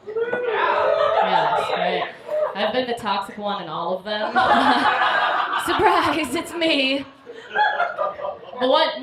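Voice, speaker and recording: A woman performing a stand-up set at a live show in a tavern, delivering brash, deadpan punchlines with laughing asides into a stage mic. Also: medium pitch. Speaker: stand-up comedian. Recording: echoey bar room with loud noise.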